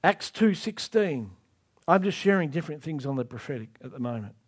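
A man's voice: on the high side, sing-song, brisk, slightly rough. A man preaching a sermon with emphatic, repetitive delivery.

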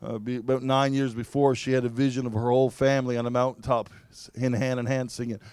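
A man preaching a sermon, telling his story in an animated way, laughing often and now and then bursting into loud exclamations. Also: mid-range voice, fast, clear, resonant tone, no echo. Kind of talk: sermon testimony.

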